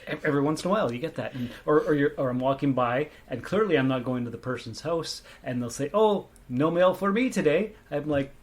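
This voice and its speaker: A man co-hosting a casual podcast chat, telling quick stories and acting out the lines people say to him. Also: mid-range voice. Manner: fast-talking storyteller, acts out quoted lines. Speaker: podcast co-host.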